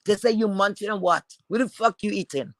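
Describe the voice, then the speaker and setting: A man's voice: sits high, brisk, dry recording, poor audio. A man on a live stream, delivering a heated, profane rant that is insulting, repetitive and confrontational.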